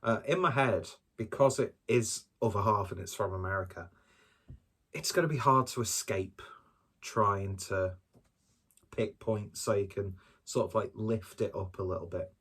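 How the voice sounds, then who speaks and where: A man's voice: on the low side, unhurried, fairly bright tone, breathy edge. A man doing a casual solo beer review, talking in a rambling, hesitant and self-deprecating way.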